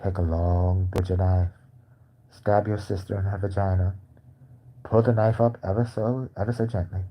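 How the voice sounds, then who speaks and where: A man voicing a creepy, mock-soothing male ASMR narrator, talking slowly and gently in a lowered voice. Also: flat delivery, lo-fi sound.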